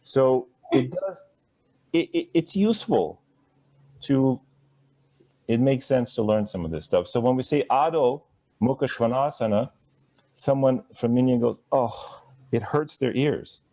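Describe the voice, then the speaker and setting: A man's voice: mid-range voice, lively intonation, measured pace, long pauses, dark tone. Playful man teaching pronunciation to a class. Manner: conversational, drawing out words to model pronunciation; playful, chuckling asides. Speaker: Sanskrit teacher.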